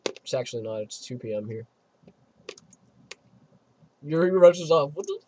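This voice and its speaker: A man's voice: fairly high pitch, lively intonation, unhurried, warm tone, slightly rough. A man streaming a game, reading its text aloud and rambling through playful, giggly asides. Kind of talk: casual let's-play commentary, reading game text aloud. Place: home streaming setup.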